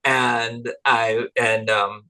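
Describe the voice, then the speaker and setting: He's a middle-aged cultural anthropologist telling rambling stories in a relaxed interview, laughing often and reenacting what others said. His mid-range, sharp voice has a flat delivery and drawn-out words.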